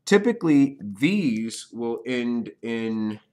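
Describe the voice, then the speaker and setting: A man's voice: medium pitch, big pitch swings, takes it slowly, darkish tone. A man teaching a beginner's language lesson on video, explaining step by step and checking in often with "okay?". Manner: repeats key points for beginners. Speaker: Spanish teacher.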